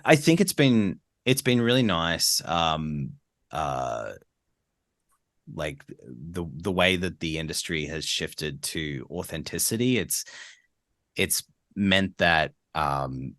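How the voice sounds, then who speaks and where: A man from Australia with a strikingly deep, low voice, talking as a guest in a casual podcast interview. He is relaxed, laughs easily and trips over and restarts words while he gathers his thoughts. The sound is dry and close, with no room echo. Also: takes it slowly. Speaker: guest voice actor.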